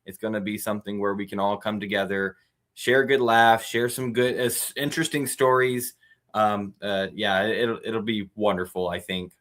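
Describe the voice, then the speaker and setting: A man, a guest on a casual show, talking in a friendly, halting way. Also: fairly low pitch, steady tone, fairly bright tone. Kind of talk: casual chat.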